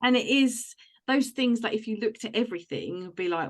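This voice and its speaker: A woman's voice: on the high side, normal speed. A woman hosting a podcast in casual chat, telling rambling anecdotes about home life. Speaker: podcast host.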